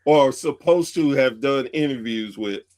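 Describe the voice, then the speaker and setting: A male podcast host talking casually with a guest. He cuts in with loose, half-finished sentences at a middle pitch. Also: a little slow, darkish tone. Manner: interjects, trails off mid-sentence.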